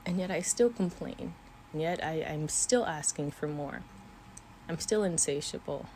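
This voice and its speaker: A woman's voice: low-pitched, a little slow, mellow, a little hiss or hum. A woman in her twenties talking earnestly to camera about her faith, sometimes teary-eyed, with small laughs. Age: 20s. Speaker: vlogger. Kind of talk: emotional faith talk to camera. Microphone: camera mic.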